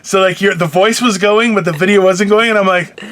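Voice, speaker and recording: A man's voice: high voice, fairly even intonation, a little fast, background noise. A man co-hosting a casual chat show, telling rambling, profane stories with lots of laughter. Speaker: co-host.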